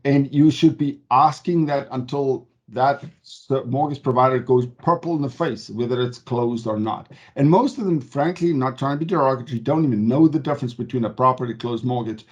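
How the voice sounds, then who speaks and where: A man's voice: medium pitch, fairly quick, few pauses, darkish tone, lo-fi sound. A man working as a mortgage advisor, explaining loans in a conversational way and often checking in with "okay?". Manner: emphatic, stresses key words. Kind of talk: explanatory talk to camera.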